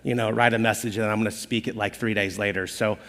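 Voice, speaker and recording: A man preaching a sermon as pastor, telling personal stories in an animated, conversational, self-deprecating way. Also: lowish voice, fast talker. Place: church auditorium stage. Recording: long hall reverb.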